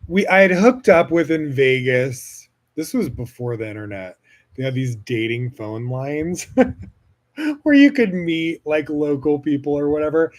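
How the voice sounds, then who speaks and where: An American man hosting a podcast, telling a personal story in a rambling, gushing way, swearing often, laughing, and swinging from loud to soft. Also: medium pitch. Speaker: podcast host. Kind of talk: casual personal storytelling monologue.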